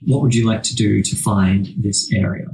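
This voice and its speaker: A man narrating as game master in a relaxed, hesitant way, with lots of fillers and restarts. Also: fairly low pitch, normal speed, creaky. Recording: roomy, distant mic.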